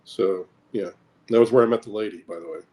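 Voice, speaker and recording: A middle-aged American man, a military veteran appearing as an interview guest, speaks quickly in a low, darkish voice. He hesitantly recounts personal experiences, repeating words and using many fillers.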